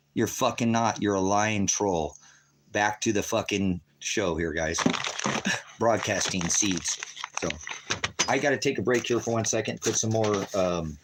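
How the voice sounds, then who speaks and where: A man on a livestream at home, ranting in a profane, taunting way at people in his chat. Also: lowish voice. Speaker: livestream host. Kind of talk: angry livestream rant. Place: at home by a wood stove.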